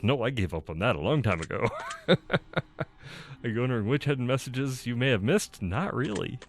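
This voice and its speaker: A man's voice: medium pitch, a little hiss or hum. A man reading personality test questions aloud and answering them candidly, rambling and often laughing at himself. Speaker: YouTuber taking an online personality test. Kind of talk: casual self-recorded talk, reading questions aloud and answering.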